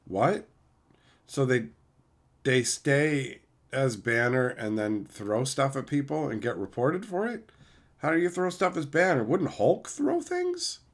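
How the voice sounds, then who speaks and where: Animated man chatting on a livestream. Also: mid-range voice, slow pace. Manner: animated, mock-teasing, playful roasting of chatters. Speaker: streamer reading live chat. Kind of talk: casual livestream chat.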